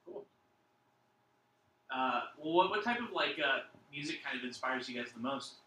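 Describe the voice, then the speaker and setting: A man's voice: mid-range voice, sing-song, moderate pace, bright, forceful tone, reverberant, slight background noise, rough recording. A man casually interviewing a band, curious and easygoing. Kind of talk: casual chat.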